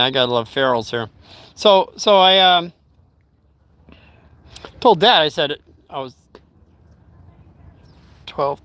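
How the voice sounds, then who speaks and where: A man's voice: fairly high pitch, sharp tone, no room sound. An older man telling a rambling story to his live chat, stopping to talk to his dog. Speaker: vlogger. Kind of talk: casual storytelling livestream.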